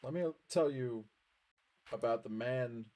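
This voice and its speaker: A man's voice: medium pitch, unhurried, mellow. A man streaming a game, bantering casually with a friend in a wry, teasing way. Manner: wry, teasing, tells a bad joke with relish. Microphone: headset.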